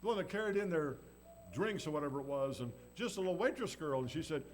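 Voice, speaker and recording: A man's voice: on the high side, expressive, fast talker, poor audio. A man preaching a sermon in a folksy, storytelling way, acting out the people in the story. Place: church. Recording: faint background noise and hum.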